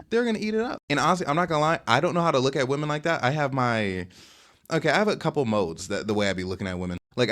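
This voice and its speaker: A man's voice: medium pitch, a bit bright. A young man rambling through a casual storytime about his dating life, slangy and boastful, talking into a webcam setup at home. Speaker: streamer telling a dating story.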